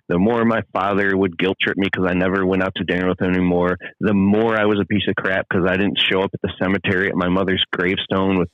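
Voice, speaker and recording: A man who runs a landscaping business, guesting on a podcast by phone, telling stories in an intense, profane, animated way. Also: sits low, no echo. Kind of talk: casual podcast chat. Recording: lo-fi phone line.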